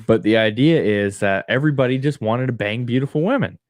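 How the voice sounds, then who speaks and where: A man's voice: medium pitch, expressive, a little fast, no echo, clean studio sound. A man co-hosting a podcast in casual chat, with blunt, crude joking banter. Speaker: podcast co-host.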